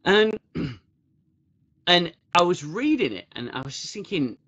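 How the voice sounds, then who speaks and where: A man's voice: sits high, big pitch swings, slow, sharp tone. A British man hosting a casual livestream chat, mocking what he reads aloud and laughing often. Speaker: host.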